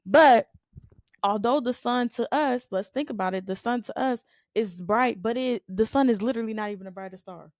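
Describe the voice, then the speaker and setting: A woman's voice: on the high side, normal speed, darkish tone, dry recording, clean studio sound. A woman co-hosting a faith podcast. She preaches in a conversational way, stressing her points with repetition and rhetorical questions, and keeps asking "you know what I'm saying?". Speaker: podcast co-host.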